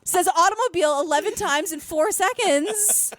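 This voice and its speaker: A woman from Queens with a New York accent, co-hosting a comedy podcast in casual chat, animated and laughing often. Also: extremely high pitch, normal speed. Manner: animated, laughing, quoting others in put-on voices. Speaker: podcast co-host.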